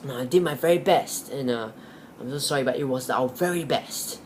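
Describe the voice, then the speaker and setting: A man's voice: medium pitch, fairly quick, a little hiss or hum, natural voice. A man voicing apologetic hunting dogs who plead that they did their best, in a spoken fable.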